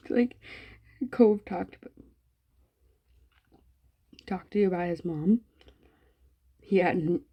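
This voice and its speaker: A woman hosting a gaming video, reading the story aloud and breaking off into loose, slangy, swearing commentary. Her voice is husky and mellow, with a warm, low-key tone. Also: slow pace. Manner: casual and chatty, swears, slangy asides. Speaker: gaming channel host.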